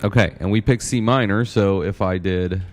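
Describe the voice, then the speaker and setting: A man with a very low voice walks through programming a bass line step by step in a relaxed, conversational way. He counts out beats aloud and checks in with frequent tag questions. Faint music plays in the background. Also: moderate pace. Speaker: synth instructor. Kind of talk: casual demonstration tutorial.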